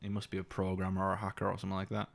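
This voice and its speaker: A young man with a low voice co-hosts a casual podcast chat. He tells stories with plenty of swearing and slips into mocking little impressions of the people in them. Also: rapid-fire, creaky. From United Kingdom. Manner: sweary, animated storytelling with mocking put-on voices. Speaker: podcast co-host.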